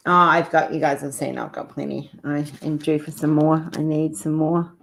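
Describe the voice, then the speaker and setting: Chatting affectionately with her livestream viewers, this middle-aged Australian or New Zealander laughs often. She speaks at normal speed in a low, level, fairly bright voice with some vocal fry.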